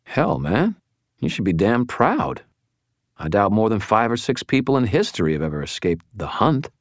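A man's voice: fairly low pitch, sing-song, moderate pace, dry recording, studio quality, voice pushed up. A man voicing a wry, blunt young male wizard who presses his questions sardonically. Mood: wry, pressing.

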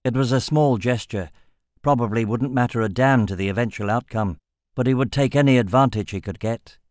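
A man narrating a fantasy audiobook in a steady, measured storytelling voice. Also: medium pitch, no echo, studio quality.

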